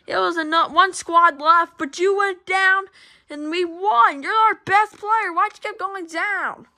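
Brief: shrill accusing gamer kid, voiced by a woman, high-pitched and bright. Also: a little slow, exaggerated voice. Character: angry squadmate kid after a lost game.

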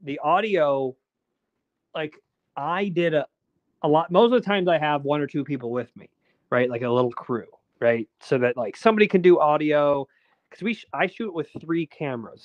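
A documentary filmmaker appears as a guest in a casual interview, rambling with plenty of fillers and restarts. His voice is on the high side and moves at a moderate pace. The recording is muffled, with no room sound.

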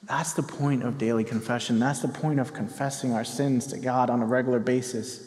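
A man's voice: medium pitch, fairly even intonation, fairly quick, darkish tone. A man preaching a sermon to his congregation, telling a story tenderly and earnestly. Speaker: pastor. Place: large church hall. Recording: long hall reverb.

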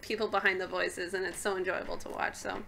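Bright-voiced chatty young woman. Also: on the low side, flat delivery, a little fast, creaky. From Canada. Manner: chatty, laughs often, trails off mid-sentence. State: hiccuping. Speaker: podcast co-host. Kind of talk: casual chat.

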